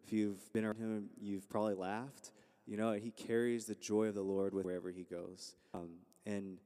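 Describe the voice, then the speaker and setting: At a campus ministry service, a young man introduces the speakers in a low-ish, dark voice with flat delivery and normal speed. He rambles through casual stories packed with fillers, and the recording carries a long hall reverb.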